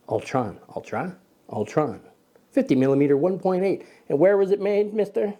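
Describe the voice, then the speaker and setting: A man with a fairly high, mellow, sing-song voice speaks at a moderate pace as he hosts a casual camera show. He jokes, teases a little sidekick, and rambles loosely with many ums and self-corrections.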